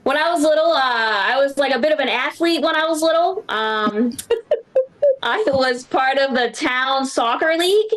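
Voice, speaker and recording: A woman's voice: sits high, expressive, unhurried, fairly bright tone, a little hiss or hum. A young woman from the Boston area telling a rambling stand-up story, full of "like" and little laughs. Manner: rambling, filler-heavy storytelling with lots of "like" and laughs. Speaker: stand-up comedian. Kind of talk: stand-up set. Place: small live comedy venue with audience.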